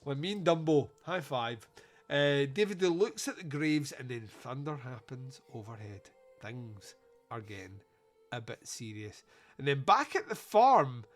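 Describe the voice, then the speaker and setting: A man's voice: medium pitch, sing-song, unhurried, a bit bright, faint music behind. A man hosting a podcast, recapping a film in casual, sweary, joking chat. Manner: sweary, jokey, quotes scenes in put-on voices. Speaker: podcast host.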